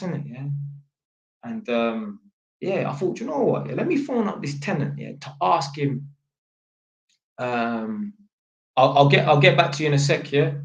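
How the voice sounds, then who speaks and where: A man's voice: a little high, dull audio. Slangy young man in an echoey room. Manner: animated, slangy, acts out phone calls in quoted voices. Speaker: vlogger. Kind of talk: casual storytelling to camera. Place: at home, sitting at a small table.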